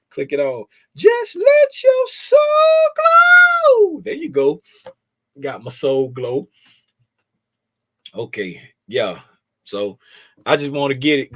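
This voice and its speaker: A man's voice: mid-range voice, no echo, clean studio sound. A man hosting a trading livestream, chatting casually and playfully and greeting viewers by name.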